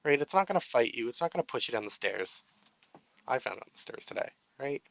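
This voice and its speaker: A man's voice: mid-range voice, sing-song, fast, gravelly, a bit bright, low-quality recording. A man co-hosting a casual, unedited podcast chat. He swears freely, laughs at himself and launches into mock-grandiose tributes. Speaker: podcast co-host.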